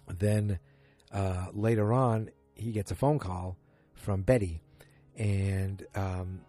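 A man talks through a TV episode in a loose, rambling recap, stopping to restart his sentences and sketching what the characters said. His voice sits on the low side and sounds dark and mellow. Faint music plays quietly behind him. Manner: rambling, many fillers and restarts, paraphrases characters' lines. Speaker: podcast host recapping a TV episode. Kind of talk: casual recap monologue.

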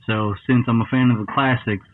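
A man's voice: mid-range voice, fairly even intonation, a little fast, dry recording. A man from Michigan sends a friendly, joking voice memo to a podcast, swearing casually. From Michigan, USA. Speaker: fan sending a voice memo. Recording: dull lo-fi phone voice memo.

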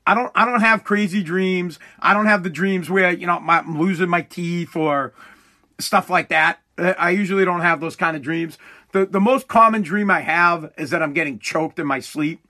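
A young man hosts his own podcast alone, telling stories in a loose, rambling stream full of swearing and false starts. His voice sits high for a man and sounds bright and forward. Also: moderate pace. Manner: rambling, profane, restarts often. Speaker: podcast host. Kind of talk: casual solo podcast monologue.

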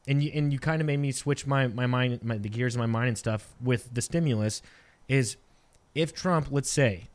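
A man's voice: medium pitch, moderate pace. Man rambling through a debate point. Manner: rambling, restarts sentences, hedging. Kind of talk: casual debate chat.

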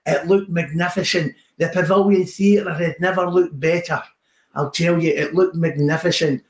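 A man puts on a sentimental old Scottish fan who gushes and repeats himself. The voice sits a little high. The recording has a roomy echo. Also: fairly even intonation, normal speed, lightly acted. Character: old male Glasgow Celtic fan, sentimental. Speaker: comedian doing his stage character.

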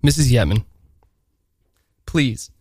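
A man's voice: medium pitch, lively intonation, takes it slowly, mellow, no room sound. A man co-hosting a comedic radio show, speaking with mock earnestness and playful timing. His voice sits mid-range and is recorded close and dry in the studio.

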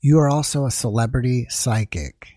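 Husky-voiced interviewer, dry sound. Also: mid-range voice, moderate pace, warm tone, no echo. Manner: brief encouraging backchannels. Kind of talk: casual interview.

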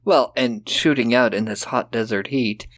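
A man's voice: medium pitch, normal speed. A man co-hosting a podcast, casually and sarcastically recapping a film and acting out lines in silly voices. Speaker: podcast co-host. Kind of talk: casual movie-recap chat.

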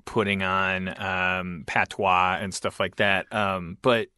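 A man's voice: low voice, little pitch movement, slow pace, pushed and bright, clean tone, no room sound, studio quality. A man hosting a podcast in casual chat, rambling and joking with many asides. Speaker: podcast host.

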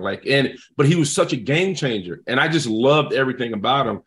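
A man tells stories as a podcast guest, animated and quick to laugh, peppering his talk with "man". His voice sits at an ordinary middle pitch. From South Bronx, New York. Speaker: guest, former football player. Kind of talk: casual storytelling interview.

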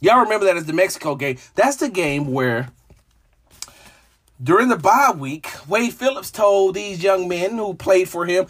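Animated sports host, dramatic swings. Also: male voice, high-pitched, normal speed. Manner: dramatic, emotional, jumps between hushed and shouting. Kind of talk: animated solo sports commentary.

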